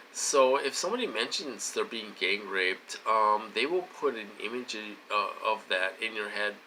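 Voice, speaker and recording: A man's voice: fairly low pitch, pushed and bright, a little hiss or hum, poor audio. A middle-aged man talking into his phone to his viewers in a rambling, insistent monologue, repeating himself with agitation. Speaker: vlogger.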